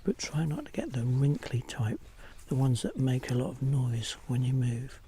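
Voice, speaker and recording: A man vlogging outdoors in a forest while hunting wildlife photos, often dropping to a hushed whisper, with many pauses and fillers. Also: medium pitch, sing-song, slight background noise. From England. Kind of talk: casual outdoor vlog narration. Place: outdoors in a forest among bracken. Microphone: small handheld camera mic.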